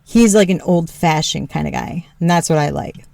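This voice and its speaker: A woman's voice: normal speed, vocal fry, dark tone, no room sound. A woman podcast host telling a candid personal story, frank and joking, swearing freely and laughing often. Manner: mimics her husband in a lower voice.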